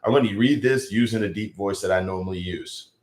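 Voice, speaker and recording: A man's voice: fairly low pitch, brisk, a little mellow. A man chatting casually on a live stream who reads out viewers' comments and rambles with self-mocking jokes. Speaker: live streamer reading chat. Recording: echoey room.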